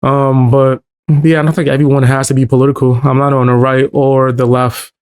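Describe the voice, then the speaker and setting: A man co-hosting a reaction video, talking in an animated, slangy way and laughing often. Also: mid-range voice, brisk, clear, resonant tone. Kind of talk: casual reaction chat.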